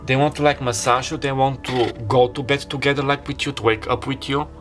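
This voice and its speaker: A man talks casually through a tarot reading in a bright, forceful voice, rambling and dropping "like" into nearly every phrase. His pitch sits in a middle range for a man. Faint music plays underneath. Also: steady tone, a little fast. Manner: rambling, filler-heavy, says "like" constantly. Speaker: tarot reader. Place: room with an open window.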